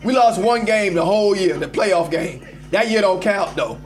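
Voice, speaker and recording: Male call-in host, very high voice, emphatic and animated, faint music under him. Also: normal speed. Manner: animated, emphatic, addresses listeners as y'all. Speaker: host of a live call-in show. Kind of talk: casual sports rant.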